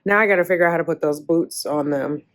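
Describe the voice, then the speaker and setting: A young adult woman vlogs about her day, chatting casually and telling her story in an animated way. Her voice is deep and she talks fast.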